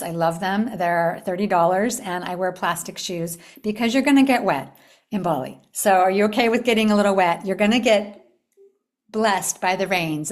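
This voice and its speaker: A middle-aged American woman with a medium-pitched voice hosts a live online spiritual retreat talk for a group. She tells a story, moving between upbeat invitations and soft, hushed stretches.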